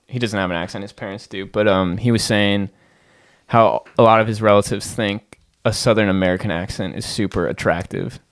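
A man's voice: fairly low pitch, fairly even intonation, a little fast. A young man co-hosting a podcast, chatting casually and playfully. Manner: playful, slips into mock accents and quoted voices. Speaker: podcast co-host. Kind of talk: casual chat.

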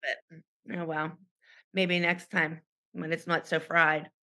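A middle-aged woman co-hosting a podcast, telling a casual story in an animated way and acting out the people she quotes, heard over a video call. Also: low voice, measured pace. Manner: animated retelling with quoted voices. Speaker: podcast co-host.

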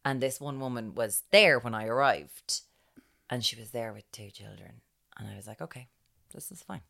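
Irish woman, really low voice, tells stories and acts out what people said. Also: moderate pace, creaky. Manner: animated storyteller who acts out quotes, often dropping to a hushed voice. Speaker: podcast co-host. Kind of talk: casual chat, storytelling.

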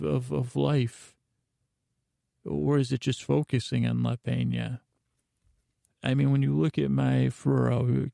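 Slow gravelly man telling rambling bedtime tales. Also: medium pitch, mellow, no echo, studio quality. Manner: meandering, slow, mixing in Spanish words and translating them. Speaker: sleep podcast host.

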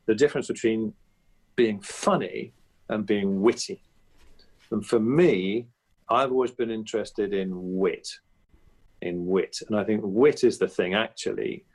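A man speaking as a comedy guest in an interview, telling animated anecdotes with frequent restarts. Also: lowish voice, slightly rough. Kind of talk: conversational interview.

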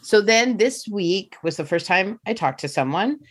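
A woman, a comedian guest on a casual podcast, telling a story in an animated, profane way. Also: mid-range voice, normal speed, a little hiss or hum.

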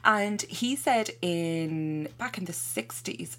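A woman co-hosts a podcast and tells stories in a chatty, wry way. Her voice sits on the low side. Faint background noise sits behind her. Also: takes it slowly, gravelly, fairly bright tone. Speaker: podcast co-host. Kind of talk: casual chat.

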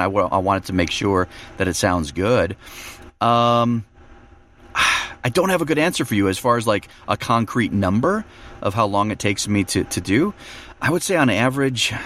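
A man who narrates audiobooks, talking in a relaxed podcast chat and explaining his process with fillers and restarts. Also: fairly low pitch, a little hiss or hum.

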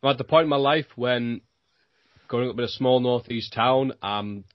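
A man's voice: medium pitch, normal speed, dull audio, background noise. A man in his late twenties, a podcast guest who jokes in a self-deprecating way. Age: 20s. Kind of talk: casual podcast chat.

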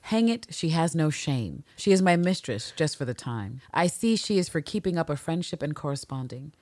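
A woman co-hosting a casual podcast, reading old diary entries aloud and reacting with animated, profane outbursts. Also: low-pitched, moderate pace, no echo, clean studio sound. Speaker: podcast co-host.

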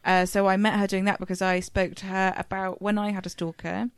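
A woman co-hosting a casual podcast, chatty and quick to laugh, trailing off with fillers. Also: medium pitch, little pitch movement, clean tone, no echo. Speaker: podcast co-host.

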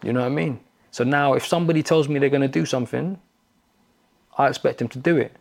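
A man's voice: mid-range voice, fast, vocal fry, a little mellow. A middle-aged man with a London accent, a podcast guest telling stories bluntly and swearing often. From England. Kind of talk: casual chat.

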